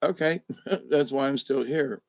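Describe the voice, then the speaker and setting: An older man chatting casually to his viewers, drowsy and a little medicated after a hospital stay, meandering and halting with many restarts. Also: mid-range voice, creaky, dry recording. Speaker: vlogger talking to live chat. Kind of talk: rambling casual chat to viewers. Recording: dry, dull lo-fi home recording.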